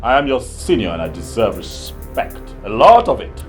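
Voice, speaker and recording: An actor with a Nigerian accent playing a proud older prince who demands respect, stern and lecturing. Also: male voice, mid-range voice, very animated, moderate pace, close to an everyday voice. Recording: film soundtrack with clear music.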